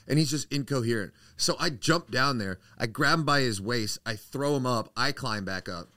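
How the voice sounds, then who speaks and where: Animated young man telling a wild story. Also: mid-range voice, moderate pace, no room sound, studio quality. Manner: animated, profane anecdote-telling with acted-out quotes. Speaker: podcast guest. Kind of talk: casual storytelling.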